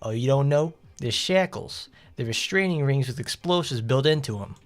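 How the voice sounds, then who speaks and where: A man's voice: mid-range voice, lively intonation, moderate pace, faint music behind, natural voice. A man doing a gloating cruel soldier captor.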